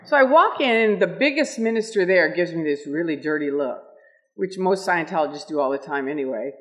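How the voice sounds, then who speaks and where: An older woman giving an animated storytelling talk at an event, laughing often and acting out the people she quotes. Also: deep voice, a little fast. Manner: lively, laughs often, acts out quoted voices. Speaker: speaker at an event. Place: meeting room with audience.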